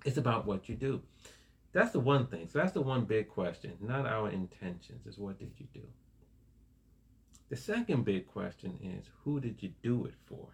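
Man, pastor, sermon, low voice, conversational preaching, rhetorical questions. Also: expressive, normal speed, vocal fry. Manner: conversational preaching with repeated "right?" tags and laughs.

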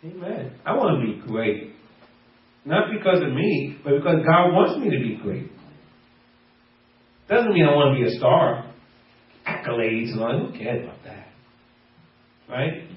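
Speaking unhurriedly with long pauses, this male pastor has a slightly high, expressive voice as he preaches. He is playful, laughing frequently while mimicking ordinary chatter. The sound is dull and far off, caught in a reverberant room.

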